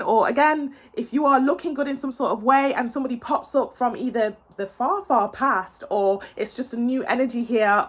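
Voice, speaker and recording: A woman with a slightly high voice gives a casual tarot reading straight to her viewers. She talks in an earnest, reassuring way, full of fillers and restarts. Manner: emotional, tearful, earnest and reassuring; many fillers and repeated words. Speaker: tarot reader.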